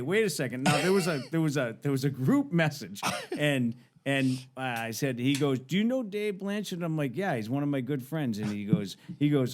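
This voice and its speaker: A man's voice: medium pitch, a little hiss or hum. A man in his thirties, a podcast guest, telling a story in casual chat, swearing freely and acting out both sides of phone calls.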